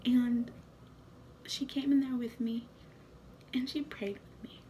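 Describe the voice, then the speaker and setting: A nineteen-year-old woman talking in a soft, tearful, often whispery way for a personal vlog. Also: fairly high pitch, flat delivery, slow, a little hiss or hum. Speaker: vlogger.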